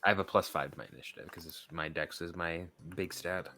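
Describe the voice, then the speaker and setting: Very deep-voiced man at a game table. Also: quick pace, sharp tone. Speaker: player. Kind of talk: tabletop role-play.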